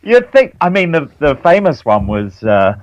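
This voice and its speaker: A man's voice: fairly high pitch, huge pitch swings, no room sound, dull audio. A young man, guest hosting a casual podcast chat, joking, swearing and laughing easily. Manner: jokey, swears, quick to laugh. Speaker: guest host.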